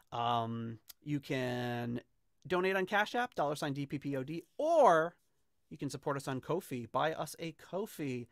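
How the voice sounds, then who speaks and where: A man's voice: mid-range voice, no room sound, clean studio sound. A man hosting a podcast, talking casually and animatedly with plenty of fillers. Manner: chatty, animated, with frequent fillers. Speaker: podcast host.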